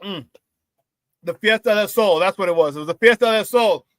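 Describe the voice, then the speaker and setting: Sports talk host, male, high-pitched, fired up and shouting out the chat. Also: a little fast, no echo. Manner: hyped, shouts out viewers, laughs often. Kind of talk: live sports talk show, reading chat.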